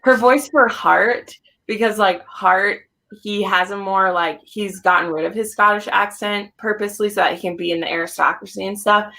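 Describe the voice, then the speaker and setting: Bright-voiced gushing woman host. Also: mid-range voice, moderate pace, vocal fry, hardly any pauses. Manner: gushing, animated, filler-heavy. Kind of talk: casual group chat.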